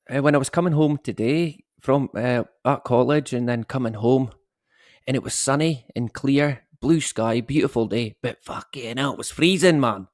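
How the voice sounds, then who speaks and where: A man's voice: medium pitch, dry recording, clean studio sound. A man in his thirties casually chatting and greeting viewers as a livestream host, joking at his own expense and swearing freely. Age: 30s. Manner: jokey, self-mocking, swears casually, laughs often. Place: at home.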